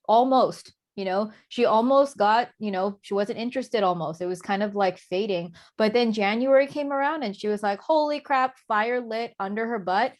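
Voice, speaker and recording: A woman speaking casually to her sales team on a video call, leaning heavily on "like" and "um". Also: a little high. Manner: chatty, heavy on "like" and "um". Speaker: network marketing promoter. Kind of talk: casual Zoom team talk.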